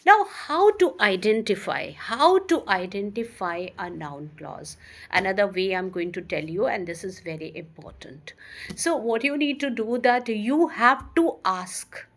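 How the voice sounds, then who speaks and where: A woman teaching an English grammar lesson, reading example sentences slowly and emphatically, with some fillers and restarts. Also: medium pitch, expressive, fairly bright tone.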